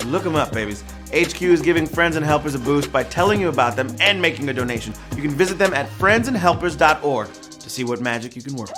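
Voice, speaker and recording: A man hosting a live trivia game show, goofy and teasing, squealing high and singing bits with faint music behind. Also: fast, hardly any pauses. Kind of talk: live-streamed trivia hosting, playful banter. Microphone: phone.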